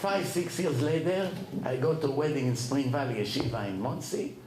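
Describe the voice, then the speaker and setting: Man, storytelling rabbi; lively, faint hiss in a roomy hall. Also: moderate pace. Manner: animated, acts out dialogue with rising pitch. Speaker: rabbi telling stories. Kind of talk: storytelling lecture.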